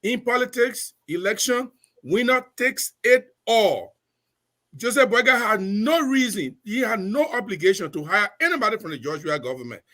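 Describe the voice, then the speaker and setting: A man's voice: sits high, expressive, a little fast, few pauses, pushed and bright. A man giving impassioned political commentary on a talk show, emphatic and repeating his points. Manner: preachy, emphatic, repeats phrases.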